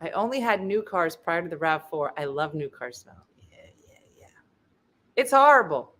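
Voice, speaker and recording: A woman hosting a show, telling a comic story in a casual, animated way and acting out the voices of the people in it. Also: on the low side, fairly quick. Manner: animated, acts out quoted voices. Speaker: host.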